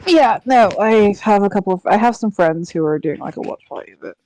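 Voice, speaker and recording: A woman's voice: medium pitch, expressive, fairly quick, mellow, a little hiss or hum. A woman co-hosting a game stream, chatting casually in an upbeat, agreeable way. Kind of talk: casual late-night chat.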